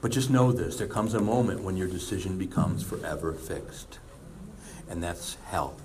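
A man voicing God as a solemn, patient father figure, speaking low, slow and hushed in a sermon. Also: background noise, lightly acted. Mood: grave.

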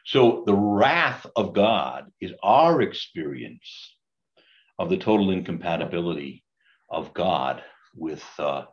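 An older priest leads a Bible study in a chatty, conversational way and keeps asking his group questions. His voice sits a bit low, and the recording is dull and lo-fi. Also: expressive, takes it slowly.

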